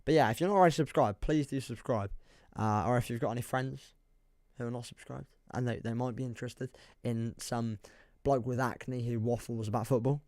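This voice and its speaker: A young Englishman chats casually on a football livestream, rambling, laughing often, and reading the chat aloud with self-deprecating humor. His mid-range voice is a little mellow, steady in tone, and slightly fast, captured in clean studio sound with no room sound.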